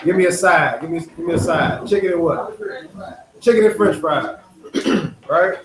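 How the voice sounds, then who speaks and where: A man leading a casual, interactive Sabbath lesson, asking the congregation questions and talking in relaxed slang. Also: a little high, a little slow, crowd noise. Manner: conversational, asks the congregation questions, uses slang. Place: congregation hall. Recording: echoey hall.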